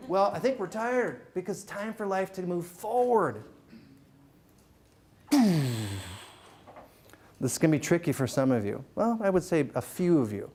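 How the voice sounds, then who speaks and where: A middle-aged man giving a live motivational keynote to a room, joking and teasing the crowd with quick questions. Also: fairly high pitch, darkish tone. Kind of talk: live stage talk to an audience. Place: event room with a live audience.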